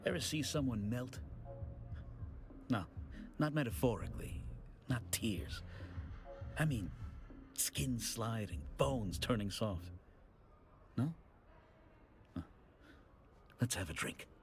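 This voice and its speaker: An actor playing a creepy male tavern drinker in a game, speaking in a slow, menacing way. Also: medium pitch, expressive, over music. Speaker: game character.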